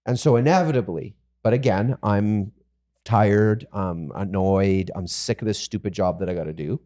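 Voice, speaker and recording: A man with a low, mellow voice tells a job-site story in a relaxed, self-mocking way. He slips into livelier quoted lines now and then, and his talk stays casual and conversational. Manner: self-mocking, animated when quoting himself. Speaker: podcast co-host, builder.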